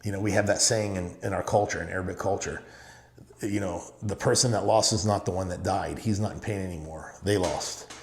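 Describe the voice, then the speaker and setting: A man's voice: sits low, fairly even intonation, a little fast. A middle-aged man from the Middle East, a podcast guest telling stories in an emphatic way and repeating short phrases. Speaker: guest, real estate owner. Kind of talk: casual interview storytelling. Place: podcast studio. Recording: roomy studio echo.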